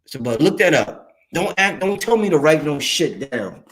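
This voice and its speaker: There's slight background noise as a Brooklyn streamer with a somewhat high voice talks at normal speed, loose and profane, reading viewer chat and responding. He comes across animated and streetwise, addressing his viewers head-on.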